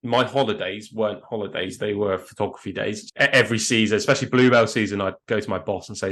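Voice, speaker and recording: Chatty English man, low voice, stammering. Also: steady tone, fast, hardly any pauses, a bit bright. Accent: southern English. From England. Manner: enthusiastic, self-deprecating, frequent stammered restarts. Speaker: guest photographer. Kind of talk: casual podcast interview.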